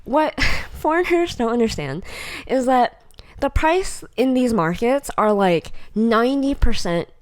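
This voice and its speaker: A young woman co-hosting a podcast, telling a story in a casual chat with lots of laughter and lively acted-out quotes. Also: a little high, measured pace. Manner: animated storyteller, acts out voices, laughs often. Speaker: podcast co-host.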